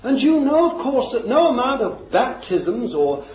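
A man's voice: extremely high pitch, big pitch swings, measured pace, darkish tone. A man preaching a sermon in a fervent, emphatic way, repeating his phrases for stress. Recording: echoey, dull lo-fi recording.

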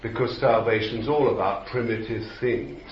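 Male preacher, low voice, rambling sermon with sudden shouts; dull, echoey old tape. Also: normal speed. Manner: rambling, repeats words, rises to shouts. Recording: roomy, dull, slightly noisy old recording.

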